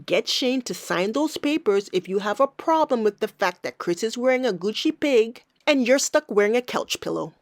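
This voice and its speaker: A woman's voice: on the high side, expressive, moderate pace, few pauses, no room sound. A woman giving sarcastic, teasing reaction commentary over video clips, recorded on a close mic. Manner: snarky, teasing.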